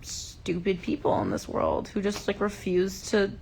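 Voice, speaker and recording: A woman's voice: mid-range voice, sing-song, unhurried, vocal fry, darkish tone, slight background noise. A young woman hosting a casual livestream from home, passionately ranting and swearing, openly upset. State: upset and enraged. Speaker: livestream host. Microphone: phone.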